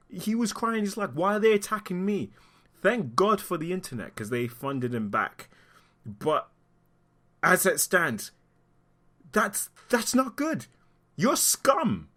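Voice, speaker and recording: Heated, sarcastic man vlogging his opinions. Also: a bit bright. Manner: heated, sarcastic, rising to indignant outbursts; talks through being upset, voice dropping low at times. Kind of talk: impassioned opinion commentary.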